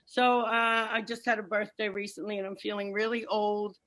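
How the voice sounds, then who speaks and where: A woman's voice: medium pitch, level tone, normal speed. Brash middle-aged woman comic, punchy storytelling from home over a noisy video call. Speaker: stand-up comedian. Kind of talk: stand-up comedy set. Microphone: computer mic on a video call.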